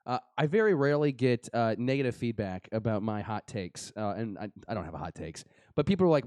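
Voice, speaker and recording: A man's voice: mid-range voice, expressive, fairly quick, few pauses, a little mellow, no echo, studio quality. A young man hosting a podcast, chatting casually and jokingly, with lots of fillers and restarts. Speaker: podcast host. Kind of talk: casual live-show chat.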